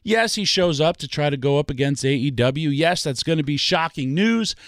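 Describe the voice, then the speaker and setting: Another emphatic wrestling rant comes from a podcast guest speaking on a talk show, firing off rhetorical questions in passionate commentary. His voice is a little high and animated at a moderate pace, with a dry, clean studio recording.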